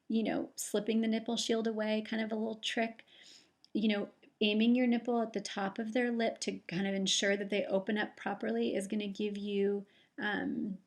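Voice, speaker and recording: A woman giving casual, reassuring breastfeeding advice to camera, gentle and loose with fillers. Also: mid-range voice. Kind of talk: casual instructional talk to camera.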